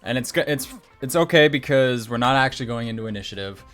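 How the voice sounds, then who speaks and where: A man running a tabletop game as game master, narrating in a relaxed, chatty way. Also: mid-range voice, quick pace, faint music behind.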